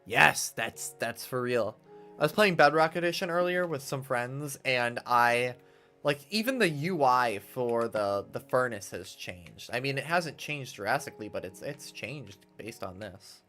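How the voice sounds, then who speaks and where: Chatty man with a lively pitch. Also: measured pace. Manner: nostalgic, chatty, thinking aloud with restarts. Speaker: streamer. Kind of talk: casual gameplay commentary. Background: faint game music.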